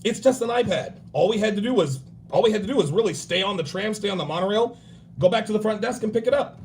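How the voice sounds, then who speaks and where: A man in his forties hosting a livestream, giving blunt, profane dating and grooming advice and acting out other people in quick bursts. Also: high voice, animated, a little mellow, a little hiss or hum. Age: 40s. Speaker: livestream host.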